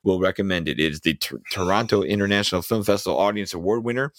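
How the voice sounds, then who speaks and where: A man's voice: sits low, quick pace, no room sound. A man co-hosting a movie podcast, reading his show intro with a punchy, theatrical flair and then chatting casually. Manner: theatrical, punchy announcer delivery. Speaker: podcast co-host.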